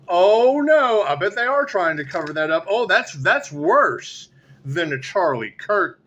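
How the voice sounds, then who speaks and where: A man giving solo spiritual tarot commentary, excitable and repetitive, swinging from low mutters to loud exclamations and swearing casually. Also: a little hiss or hum. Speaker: tarot reader.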